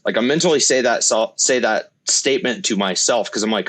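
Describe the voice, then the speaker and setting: A man's voice: fairly low pitch, fairly quick, few pauses. Laid-back chummy male podcast host. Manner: relaxed and chummy, says "man" and "like" a lot. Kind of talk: casual podcast interview.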